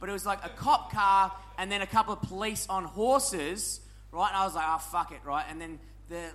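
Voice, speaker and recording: A man's voice: high-pitched, sharp tone. An Australian man telling a rowdy, sweary story with lots of laughing, as a comedian at a live show. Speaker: comedian guest.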